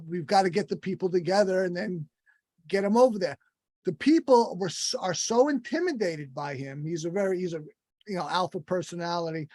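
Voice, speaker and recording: High-voiced man hosting, dry sound. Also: a little mellow, no room sound. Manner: halting, with many fillers and restarts. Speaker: podcast host. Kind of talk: interview over a video call. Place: video call.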